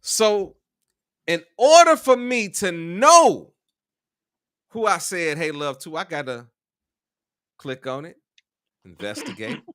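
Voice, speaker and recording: A man co-hosting a casual talk show, animated and profane, repeating himself as he makes his point. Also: sits high, takes it slowly, long pauses, dry recording, studio quality. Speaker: co-host. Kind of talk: casual podcast chat.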